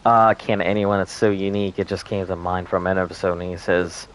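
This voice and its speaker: A man's voice: fairly low pitch, expressive, normal speed, few pauses, fairly bright tone, slight background noise. A man streaming a survival game, chatting in a rambling, crude, joking way. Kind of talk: casual gameplay commentary.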